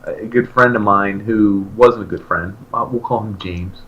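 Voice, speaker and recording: A man in his thirties, a podcast co-host, telling a long story in casual chat and acting out his own excited remarks. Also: lowish voice, normal speed, dull audio. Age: 30s. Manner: animated, jumps into loud excited quoted voices.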